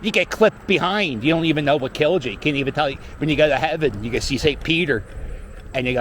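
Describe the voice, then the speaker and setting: A man's voice: mid-range voice, fast, fairly bright tone. A middle-aged man, chatting casually and joking with some cursing as he rides through city streets. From Philadelphia. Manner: rambling, joking, profane. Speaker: vlogger riding a scooter. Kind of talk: casual chat while riding. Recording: faint street noise.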